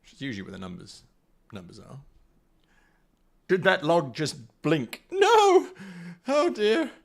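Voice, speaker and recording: A man's voice: mid-range voice, big pitch swings, moderate pace, creaky, slightly rough. A man acting as game master, reading a solo adventure gamebook aloud and chatting with his live viewers, thinking aloud with playful asides.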